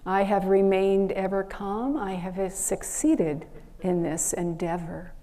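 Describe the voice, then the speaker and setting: A woman voicing a male spiritual seeker back from years of solitude, speaking quietly and evenly. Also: mid-range voice, level tone, natural voice. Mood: calm. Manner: quiet and measured, then roaring.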